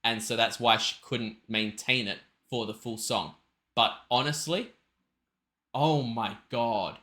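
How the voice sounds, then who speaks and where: A man's voice: mid-range voice, takes it slowly, bright, forceful tone. An Australian man hosting a reaction video, talking enthusiastically and emphatically in a rambling way. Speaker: reaction channel host.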